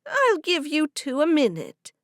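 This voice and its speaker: Woman doing a bossy practical older lady, high and firm, lively, dry close sound. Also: a little slow, no echo, exaggerated voice. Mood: concerned. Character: brisk older woman, take-charge. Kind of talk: audiobook character voice.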